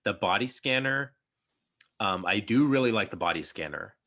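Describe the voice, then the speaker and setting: A man's voice: on the low side, lively intonation, normal speed, bright, forceful tone. A young man hosting a podcast, chatting casually and rambling with lots of fillers and restarts. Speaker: podcast host. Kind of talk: casual chat.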